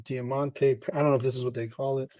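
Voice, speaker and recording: A man of middle pitch talks in a casual, offhand way, listing names in quick runs while opening cards. The sound is dry and slightly dull, with no room echo. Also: level tone, warm tone. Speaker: card-breaking host. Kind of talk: casual card-opening commentary.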